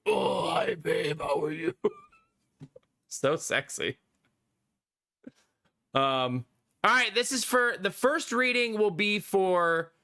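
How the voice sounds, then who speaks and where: A man livestreaming and chatting casually with his viewers, laughing often and teasing, his voice gruff from being sick. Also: high-pitched, sharp tone, no room sound, clean studio sound.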